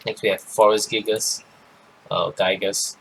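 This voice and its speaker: A man giving a rambling, casual card game review, tired and yawning, with many pauses and restarts. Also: lowish voice, little pitch movement, vocal fry, fairly bright tone, a little hiss or hum, rough recording. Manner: rambling, lots of ums and restarts. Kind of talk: casual commentary.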